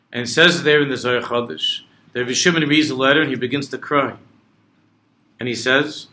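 In an echoey room, a rabbi with a bright, forceful, medium-pitched voice lectures a travel group on Torah. He explains the text line by line, drawing in Hebrew and Aramaic quotations and rising to impassioned emphasis.

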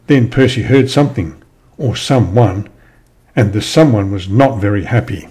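A man reading a children's story aloud in an expressive storytelling manner. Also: fairly low pitch, normal speed, husky. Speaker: storybook reader.

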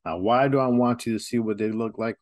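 A man's voice: medium pitch, fairly quick, darkish tone, dry recording. A man hosting a casual film review, talking candidly and directly to his viewers.

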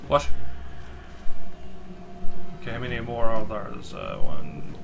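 A man's voice: lowish voice, wildly swooping pitch, brisk, gravelly, music in the background. A man with a Scottish accent giving casual, chatty let's-play commentary and teasing the game as he plays. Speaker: gamer playing a game.

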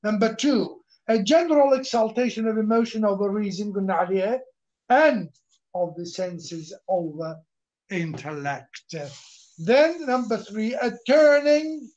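A man's voice: high voice, animated, moderate pace, a little mellow. A man lecturing a class on literature, repeating himself, asking questions and answering them, and dropping a few words of Arabic. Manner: switches into Arabic briefly. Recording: dull lo-fi recording.

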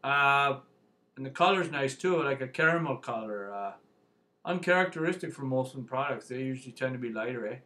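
Rambling man with a bright voice. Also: medium pitch. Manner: rambling, folksy, lots of fillers and "eh". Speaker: beer reviewer. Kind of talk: casual video review.

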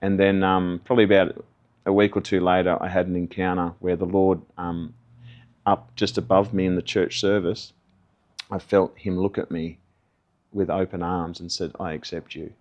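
A middle-aged man speaking in a somewhat low voice. He tells his own testimony in an earnest, conversational way, like he's chatting across a table. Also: flat delivery, moderate pace, a little mellow, muffled recording. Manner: earnest, conversational storytelling with acted quotes. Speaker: testimony guest. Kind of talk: personal testimony.

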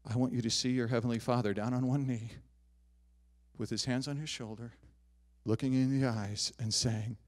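A middle-aged man preaching a sermon as pastor, swinging from loud emphatic declarations to soft, quiet asides. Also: medium pitch, normal speed. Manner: animated preaching, rising loud on emphatic lines, dropping soft on personal asides. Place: church sanctuary.

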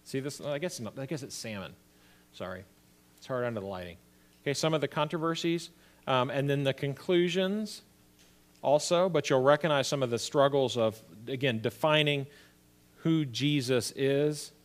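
A man's voice: medium pitch, moderate pace. A man, a pastor, teaching a church history class in a conversational lecture style, often checking in with his listeners. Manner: conversational, checks in with "right?" and "okay?".

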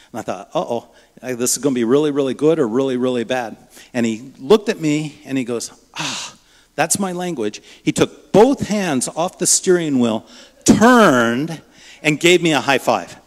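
A guest preacher from a Bible ministry delivers a storytelling sermon in a reverberant church sanctuary. His medium-pitched voice is lively, and he acts out the dialogue as he tells the story.

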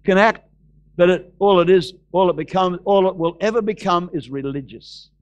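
A man with an Australian accent, preaching a sermon in church, stressing and slowly repeating Bible phrases. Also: high voice, dull audio. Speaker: pastor.

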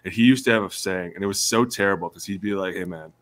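Thirties male ex-player guest; low-pitched, animated anecdote teller who voices the people he quotes. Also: fast talker. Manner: animated storyteller, acts out quotes. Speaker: former NFL player, guest. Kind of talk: casual podcast chat.

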